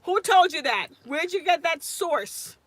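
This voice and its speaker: A woman's voice: extremely high pitch, animated, a little slow, a bit bright, no echo. A woman tutoring nursing students on a casual live stream, chatting and answering viewers' comments by name.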